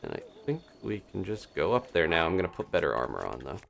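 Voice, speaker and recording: A man's voice: sits low, wildly swooping pitch, fast talker, creaky, fairly bright tone, slight background noise. A man streaming gameplay live, chatting casually to viewers and laughing often as he plays. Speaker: game streamer.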